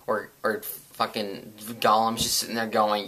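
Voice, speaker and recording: A man's voice: fairly low pitch, level tone, moderate pace, few pauses, pushed and bright. A man delivering a sarcastic, profane, rambling comedic rant as a vlogger.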